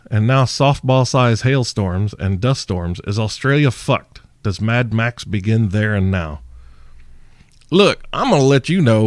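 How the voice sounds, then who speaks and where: A man's voice: medium pitch, no room sound, studio quality. A man hosting a podcast, answering listener questions in a crude, brash, joking monologue. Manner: profane, brash, mock-seductive. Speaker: podcast host.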